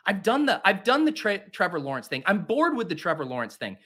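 A man's voice: high-pitched, sing-song, brisk, fairly bright tone, slightly rough. A man in his late twenties, a podcast host from the Boston area, giving casual live commentary, rambling, joking and breaking into theatrical, self-pitying rants.

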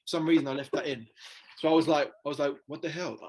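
A man's voice: on the high side, steady tone, very fast, a little mellow. A young man co-hosting a casual chat, telling a self-mocking story and laughing at himself. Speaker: podcast co-host.

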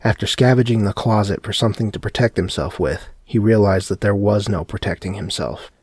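Deep, husky male narrator. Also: fairly quick, darkish tone, dry recording, clean studio sound. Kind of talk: audiobook narration.

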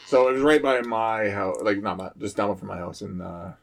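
Male podcast co-host, firefighter type, low gravelly voice, loose rambling storyteller. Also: moderate pace. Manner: rambling, laughs often while telling stories. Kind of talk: casual storytelling chat.

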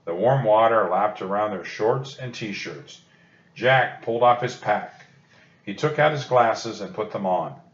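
A man reading a children's book aloud in a calm, steady storytelling delivery. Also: fairly low pitch, unhurried. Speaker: storybook reader. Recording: roomy dull lo-fi recording.

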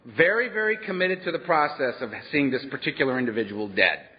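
A man's voice: mid-range voice, a little fast. Wry man telling a story in a hall. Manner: animated, wry storyteller who laughs through his lines. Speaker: workshop speaker sharing recovery story. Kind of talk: personal storytelling talk to a live audience. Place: meeting hall at a workshop. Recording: dull lo-fi with long hall echo.

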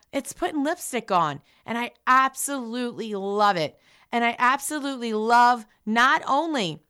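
A woman's voice: sits high, sharp tone, clear, resonant tone. A middle-aged woman hosting a radio show, delivering an upbeat, emphatic motivational talk.

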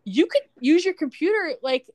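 A woman co-hosting a podcast in casual chat, recapping a TV episode in an excitable, sarcastic way and swearing freely. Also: sits high, normal speed. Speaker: podcast co-host.

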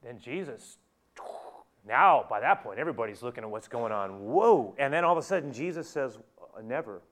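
A man's voice: medium pitch, animated, normal speed, a bit bright. A male preacher giving a conversational sermon, telling the story with animation, chuckling and speaking straight to his listeners.

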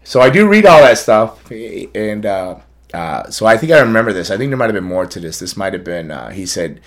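A man's voice: on the low side, sing-song, brisk. A man hosting a podcast, telling stories in a rambling, casual way with many restarts and laughs. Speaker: podcast host. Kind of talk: casual storytelling chat.

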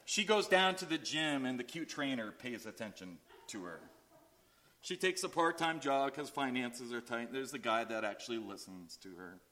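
A man preaching a sermon, telling a story and acting out the characters' lines. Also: normal speed. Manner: storytelling with acted-out voices, animated swings in pitch. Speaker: pastor.

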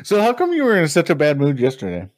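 Young male co-host, teasing, cuts in constantly, lively swings in pitch, dry sound. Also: fast, no echo. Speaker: podcast co-host. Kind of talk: casual chat.

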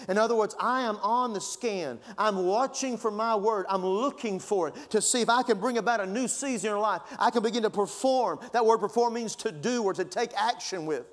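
A man's voice: sits high, a little fast, few pauses. A man preaching a sermon as pastor, fervent and conversational, pushing his emphasis upward. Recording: long reverb of a large hall.

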